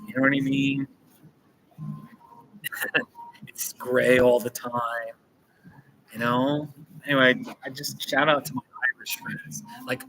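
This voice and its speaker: Poor audio with a little hiss or hum carries a mid-range, bright, forceful male voice. He's livestreaming from a coffee shop corner, chatting playfully through viewer comments and repeating phrases as he chuckles.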